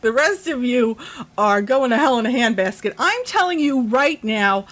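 A woman with a high voice vents straight to the camera, swearing freely and pressing each point with blunt emphasis. She sounds worked up and emotional, and the rant stays heated from start to finish. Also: lively intonation, normal speed, a bit bright. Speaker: vlogger.

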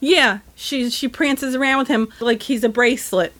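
A woman's voice: a little high, normal speed, a bit bright, slight background noise. A woman in casual chat who talks bluntly and rants with lots of profanity.

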